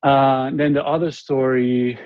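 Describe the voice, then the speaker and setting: A man in his forties from Spain with a Spanish accent, telling a story as an interview guest in an earnest, halting way with frequent restarts. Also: mid-range voice, steady tone, no echo, muffled recording. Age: 40s. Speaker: interview guest, former basketball player.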